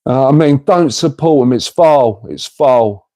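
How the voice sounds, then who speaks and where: A man's voice: fairly high pitch, a little slow, mellow, no room sound. A middle-aged man hosting a casual livestream, rambling and chatty as he reads out viewers' comments and calls them mate. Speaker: livestream host reading chat.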